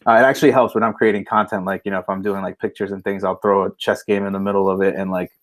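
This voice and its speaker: A man's voice: low voice, level tone, fast. A man co-hosting a podcast remotely, chatting loosely and rambling with lots of fillers and swearing. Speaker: podcast co-host. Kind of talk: casual chat. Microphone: remote call setup.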